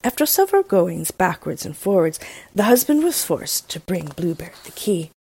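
A woman reading a fairy tale aloud, steady, with small slips. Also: fairly low pitch, normal speed, creaky, husky. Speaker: storyteller.

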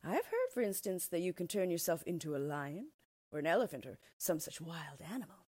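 A woman's voice: fairly low pitch, brisk, husky, no room sound. A sly talking cat, as a woman reader puts it on. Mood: flattering. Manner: coaxing, threatening, flattering. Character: crafty boastful talking cat, scheming.

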